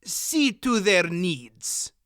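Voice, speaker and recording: A man's voice: sits high, big pitch swings, drawn-out words, a bit bright, dry recording, clean studio sound, voice pushed up, heavily acted. A man reading an audiobook, voicing a burly, scarred foreign warrior with a harsh, thickly accented voice who questions coldly. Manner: cold and probing.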